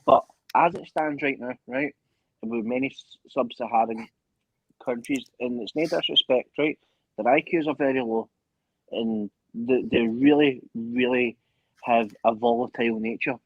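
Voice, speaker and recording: Give me a man with a husky voice in casual chat, rambling, on dry close lo-fi audio. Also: mid-range voice, normal speed, dry recording. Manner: rambling, tags sentences with "right".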